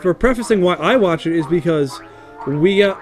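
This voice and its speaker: A man's voice: high voice, expressive, faint music behind. A man co-hosting a casual podcast chat, telling stories in long run-on sentences. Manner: fast, run-on storytelling with fillers.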